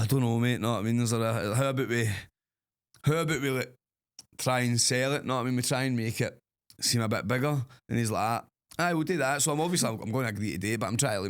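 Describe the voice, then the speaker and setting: Young man, podcast co-host, casual storytelling, swearing, acted-out sound effects, lively pitch. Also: quick pace. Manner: animated, acts out scenes with swearing and sound effects.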